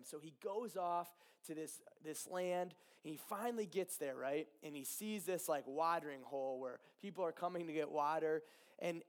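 A young man telling a Bible story in a casual, animated sermon, with fillers, asides and quick acted-out dialogue. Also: a little high.

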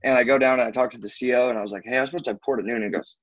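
A young man with a husky, slightly breathy voice tells an animated story among friends, slipping into other people's voices for the quotes. The sound is dry and a bit dull. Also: medium pitch, very fast, no room sound. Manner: animated storyteller, acts out quotes, swears freely. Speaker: guest telling a story.

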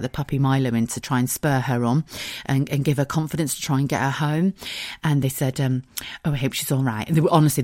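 A woman's voice: extremely low pitch, a little mellow, no echo. A woman, hosting a podcast and telling a story in casual chat, swearing freely and close to tears. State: tearful, close to crying. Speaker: podcast host.

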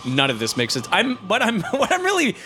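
A man's voice: sits high, huge pitch swings, brisk, bright, forceful tone. A man co-hosting a podcast, chatting playfully about a movie and laughing often. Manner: laughing, playful, riffs with impressions. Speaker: podcast co-host. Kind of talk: casual movie commentary chat.

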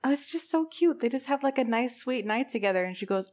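A woman's voice: fairly high pitch, expressive, quick pace, darkish tone. A woman co-hosting a casual chat, recapping a story playfully with frequent laughter. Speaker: podcast co-host.

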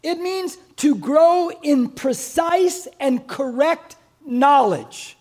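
High-voiced playful man preaching. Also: expressive, drawn-out words, darkish tone. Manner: conversational, playful, asks the congregation questions. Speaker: pastor. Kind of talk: sermon. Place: church hall with congregation.

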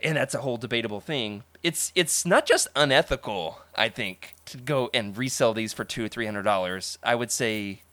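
A man's voice: mid-range voice, moderate pace, hardly any pauses, dry recording. Podcast host, man, upbeat and chatty, dry close sound. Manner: enthusiastic, animated, laughs often. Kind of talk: casual podcast chat.

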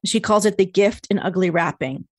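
A woman's voice: lowish voice, normal speed, dry recording. American woman, podcast host, casual chat, laughs a lot, dry close sound. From United States. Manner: chatty, laughs often, swears casually. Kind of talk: casual interview.

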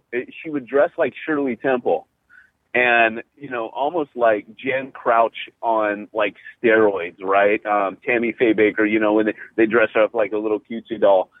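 A middle-aged man, a pastor and podcast host, telling stories in casual chat, animated and full of "you know" and restarts. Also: fairly low pitch, normal speed, no room sound. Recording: tinny phone-like line, dry.

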